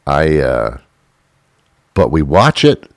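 A man's voice: a bass voice, wildly swooping pitch, slow pace, dry recording, clean studio sound. A man hosting his own show, delivering a rambling, sarcastic comedic monologue and laughing at his own jokes. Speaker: show host.

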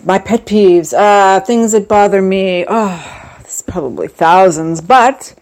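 A woman's voice: medium pitch, darkish tone, no room sound, low-quality recording. A woman hosting a podcast, talking in a chatty, wry and rambling way. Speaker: podcast host. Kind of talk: casual solo podcast chat.

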